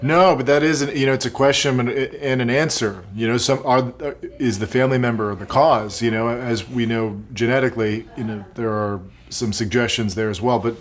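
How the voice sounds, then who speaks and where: Halting, thoughtful man hosting a chat. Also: mid-range voice, steady tone. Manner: thoughtful, halting, with soft "mm" affirmations. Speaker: podcast host. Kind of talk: casual interview.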